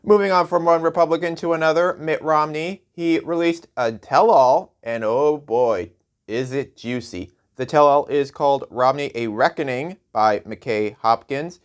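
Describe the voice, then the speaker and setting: A man's voice: on the high side, a little slow, clear, resonant tone. A man hosting a late-night comedy show, delivering a sarcastic news monologue and laughing at his own jokes.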